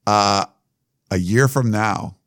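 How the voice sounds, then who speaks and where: Sports podcast co-host, man, lowish voice, dry close sound, easygoing banter. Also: slow pace, fairly bright tone, no room sound. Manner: loose, reads listener questions with asides. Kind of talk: casual sports chat.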